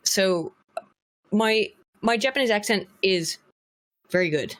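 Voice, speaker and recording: A woman in a relaxed podcast conversation, rambling through her stories with blunt, salty language. Her voice sits at an ordinary middle pitch, casual and unfiltered. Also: slow pace. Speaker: podcast guest.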